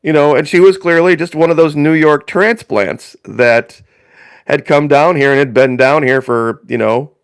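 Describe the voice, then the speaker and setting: A man's voice: a little high, normal speed, smooth, dry recording. Folksy rambling man, dry close sound. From northern Indiana, US. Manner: rambling and folksy, repeats phrases for emphasis. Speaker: live-stream host. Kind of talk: casual live-stream chat.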